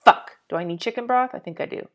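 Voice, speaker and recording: A woman's voice: a little high, fast talker. A woman in her forties, chatty and scattered, talking to herself and to viewers while she decorates a planner on a live stream, swearing casually. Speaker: planner vlogger.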